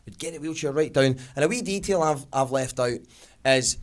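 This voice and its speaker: A man with a Glaswegian accent performing stand-up comedy, telling a story in an animated, fast-paced way. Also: medium pitch.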